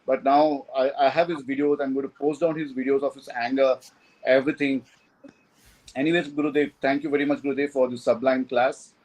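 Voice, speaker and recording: Brief: male disciple, average pitch, reverent and grateful, loose grammar. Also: flat delivery, a little fast, darkish tone, low-quality recording. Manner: deferential, repeating an honorific, broken grammar. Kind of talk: reverent thanks and comment to the teacher.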